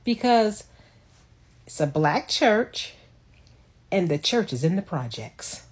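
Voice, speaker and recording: A woman tells a personal story to her viewers in a slow, unhurried way. Her voice is slightly husky and breathy. She stays reflective but livens up when she quotes what people said. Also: medium pitch. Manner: reflective, animated when quoting others. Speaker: vlogger telling a personal story. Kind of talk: casual storytelling.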